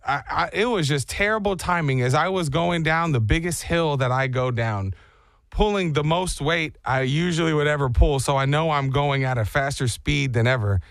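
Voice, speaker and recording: A man's voice: a little high, moderate pace, gravelly, fairly bright tone, no echo, studio quality. A man in his thirties hosting a chat show, telling a story in an exaggerated, self-mocking way and acting out the sounds.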